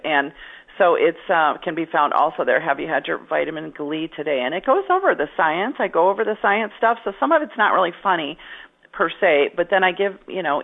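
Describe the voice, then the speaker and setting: A woman's voice: deep voice, phone-quality sound. A middle-aged woman comedian chatting in an interview, rambling and self-deprecating with lots of restarts. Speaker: stand-up comedian guest. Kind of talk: casual interview chat.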